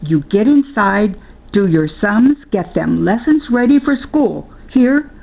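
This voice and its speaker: A woman's voice: mid-range voice, expressive, slow, gravelly, lo-fi sound, pitched above the performer's own voice, exaggerated voice. An older woman voicing a stern, fretful old grandmother who scolds in rustic dialect. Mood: scolding.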